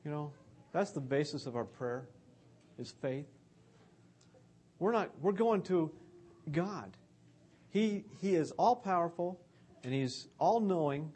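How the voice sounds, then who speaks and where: Husky-voiced man preaching earnestly. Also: on the high side, animated, slow pace, long pauses, a little mellow. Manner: earnest, conversational. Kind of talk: conversational sermon on scripture.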